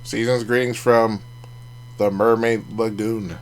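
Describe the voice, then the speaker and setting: In this clip a man hosts a laid-back card review vlog for his card collecting channel, his voice sitting on the low side with flat pitch and a slow pace. He keeps it chatty, tossing in jokey asides and laughing at his own remarks.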